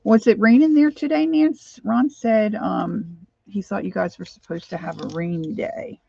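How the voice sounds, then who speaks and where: A woman's voice: medium pitch, normal speed, gravelly, warm tone, slightly rough, highs cut off. An older woman hosting a crafting livestream, chatting casually and greeting viewers by name as she works.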